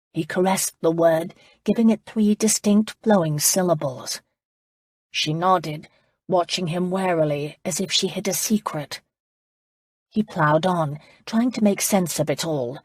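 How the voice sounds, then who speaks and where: A woman narrates a historical romance audiobook in a measured, steady manner. Her voice is fairly low and somewhat husky. The recording is close and dry. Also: no echo. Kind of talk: scripted narration.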